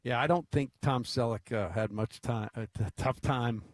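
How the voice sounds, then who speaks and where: Wisecracking American radio co-host. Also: male voice, mid-range voice, moderate pace, dry recording. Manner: wisecracking, teasing. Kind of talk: casual sports talk.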